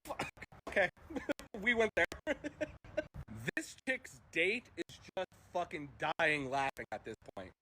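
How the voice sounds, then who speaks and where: A streamer reading a funny story aloud on a live stream, animated and profane, laughing easily. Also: medium pitch, slow pace, long pauses, slight background noise, rough recording.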